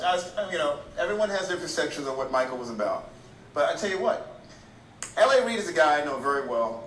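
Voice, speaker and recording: A man's voice: on the high side, fairly bright tone. A man telling stories in an interview clip, conversational with restarts. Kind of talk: interview storytelling. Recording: echoey, from far off, faint hiss.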